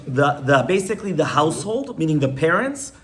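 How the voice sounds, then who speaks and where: A man's voice: fairly high pitch, very animated, fairly quick, a bit bright. A man, a rabbi, teaching an informal class to a live audience in a conversational way, often stopping to ask his listeners questions.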